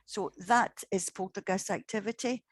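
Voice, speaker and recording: A woman's voice: medium pitch, steady tone, normal speed, dry recording. A woman, a paranormal investigator, telling case stories in a chatty way, often repeating words and acting out what people said. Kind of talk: anecdotal storytelling in conversation.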